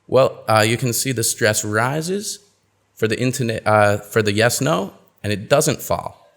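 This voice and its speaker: A man teaching pronunciation in a webinar, explaining and acting out example sentences in a lively, expressive way. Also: medium pitch, measured pace, vocal fry. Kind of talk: webinar lesson.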